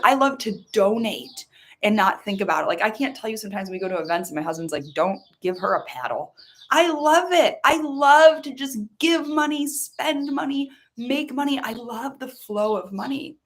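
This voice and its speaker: A married woman leads a guided tapping meditation, giving slow, soothing prompts before sharing her own story in a lively, chatty manner. Her voice is medium-pitched.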